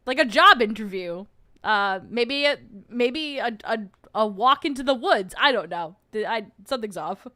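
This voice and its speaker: A woman's voice: a little high, animated, normal speed, sharp tone, dry recording, clean studio sound. A young adult woman hosting a livestream, chatting casually and joking in rambling asides while reacting to a video. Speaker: host.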